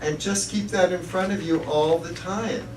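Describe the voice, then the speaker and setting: Man, guest speaker, chatty storyteller, slightly high voice, distant mic, roomy hall, faint hiss. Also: fairly even intonation, moderate pace, darkish tone. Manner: chatty storyteller, laughs at his own jokes. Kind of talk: inspirational talk with stories. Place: church hall with audience.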